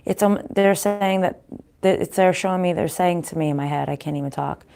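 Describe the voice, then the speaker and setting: Gravelly low-voiced woman reading tarot. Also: warm tone. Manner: pauses to consult spirits aloud, restarts often. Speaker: tarot card reader. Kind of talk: casual spiritual reading to viewers.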